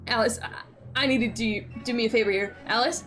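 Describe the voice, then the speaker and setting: Playful woman streamer, high voice. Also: steady tone, fast, a bit bright, faint music behind. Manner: playful, mock-dramatic, laughing often. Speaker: streamer host. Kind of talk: casual stream chat with a guest.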